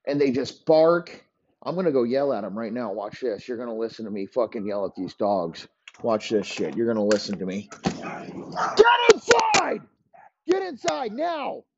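A man's voice: fairly low pitch, fairly quick, lo-fi sound, noisy background. A man hosting a podcast, ranting profanely in a rambling comic monologue. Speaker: podcast host. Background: dogs barking.

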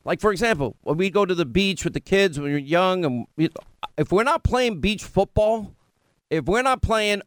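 Here a middle-aged man on the radio tells wandering, self-interrupting stories, restarting often amid relaxed banter. His voice is high with lively intonation at a normal speed, and the recording has no room sound.

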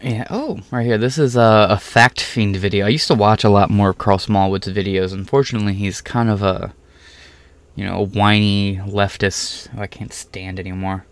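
A man's voice: on the low side, fairly even intonation, moderate pace, no room sound. A man giving ranting, sarcastic political commentary, swearing heavily.

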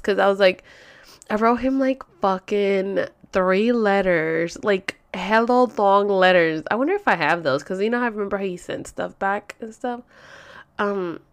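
Smooth-voiced woman rambling. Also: mid-range voice. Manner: rambling, profane, frequent "like" fillers. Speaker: vlogger. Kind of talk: storytime vlog.

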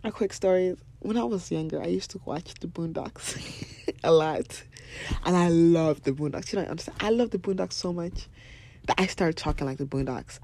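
A young woman hosting a podcast, giving blunt, animated motivational talk, swearing freely and laughing often. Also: sits low, gravelly, slight background noise. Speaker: podcast host.

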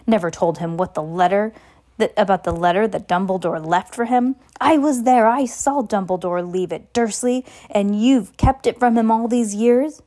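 A woman voicing a gruff, hulking giant man who is blunt and hot-tempered, speaking in booming, rough speech. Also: a little fast, darkish tone, lightly acted.

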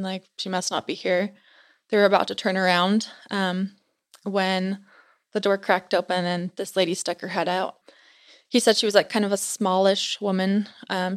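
A young woman telling an eerie story in a loose, chatty way, leaning on "like" between phrases. Her voice sits at a middling pitch, and the delivery stays casual and conversational. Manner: chatty, frequent "like" fillers.

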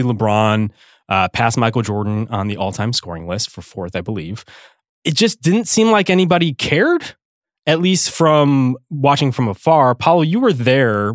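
A male podcast host chatting casually about sports, relaxed and a little self-deprecating. His voice is mid-pitched and sits in a dry, close recording. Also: no echo.

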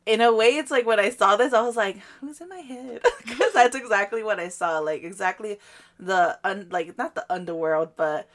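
Young woman, guatemalan family, casual chat, says like a lot, animated storyteller, laughs a lot. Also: mid-range voice, normal speed. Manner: animated storytelling, heavy use of "like", frequent laughter.

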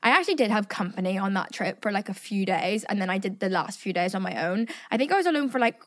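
A young woman in her twenties hosting a podcast, telling a story in a chatty, animated way, swearing freely and acting out what people said. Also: fast. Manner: chatty, animated, swears often, acts out quotes in a higher voice. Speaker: podcast host. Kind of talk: casual storytelling monologue.

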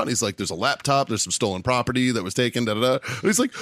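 A man's voice: mid-range voice, animated, quick pace, a bit bright, no echo. A man co-hosting a podcast, telling a story in casual, profane chat and laughing often along the way. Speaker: podcast co-host.

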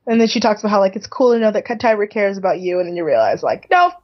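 A woman's voice: medium pitch, lively intonation, fast talker, highs cut off. A woman co-hosting a podcast, chatting casually as she recaps a reality show, with many fillers and casual swearing. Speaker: podcast co-host.

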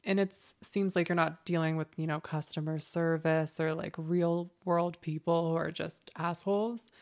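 A woman chats casually on a podcast with a slightly low voice. She is blunt and sarcastic, and she swears casually. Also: fairly even intonation, moderate pace, a little mellow. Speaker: podcast co-host. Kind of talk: casual chat.

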